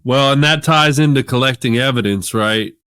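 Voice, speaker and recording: A man co-hosting a recovery podcast, talking in a relaxed way and acting out quick exchanges with a chuckle. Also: mid-range voice, clear, resonant tone, dry recording, clean studio sound. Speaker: podcast co-host. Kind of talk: casual recovery podcast talk.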